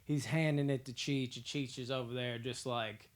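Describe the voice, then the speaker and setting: A young man hosting a movie podcast, ranking films in a casual, profane, excitable way. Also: mid-range voice, moderate pace. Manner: profane, excitable storytelling with frequent laughs.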